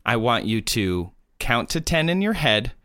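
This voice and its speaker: A man hosting a casual science podcast, animated as he explains ideas and leads little games. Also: medium pitch, measured pace, dry recording, studio quality. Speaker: podcast host.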